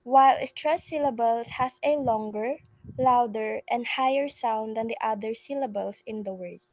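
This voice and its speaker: A young woman student with a Filipino English accent reading prepared definitions in a measured way, clearing her throat now and then. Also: a little high, no echo, poor audio. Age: young adult. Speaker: student presenter.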